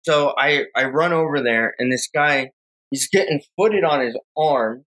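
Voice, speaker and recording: A young man with a bright, forward voice tells a story to podcast hosts. He rambles casually, filling gaps with "um" and "like" as he pieces the story together. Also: on the high side, measured pace, poor audio. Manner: rambling, relaxed storyteller with many fillers. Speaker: podcast guest, falconer.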